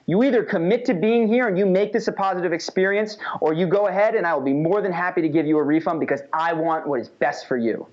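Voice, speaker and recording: Man doing a loud, emphatic seminar leader in a raised, pushed-up voice, dull lo-fi recording. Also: high-pitched, quick pace, hardly any pauses, natural voice. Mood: forceful, insistent. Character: forceful adult male seminar speaker, booming.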